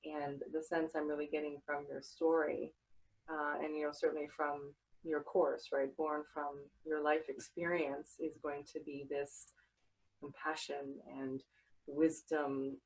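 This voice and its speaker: A woman's voice: low-pitched, slightly rough, low-quality recording. A woman hosting a podcast interview, talking earnestly and reflectively with many fillers. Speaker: podcast host. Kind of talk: casual interview chat.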